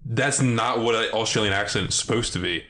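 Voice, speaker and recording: Loud swearing young man from Maryland. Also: a little fast. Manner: loud, swearing, jumps up in pitch when excited. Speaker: podcast co-host. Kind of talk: casual chat.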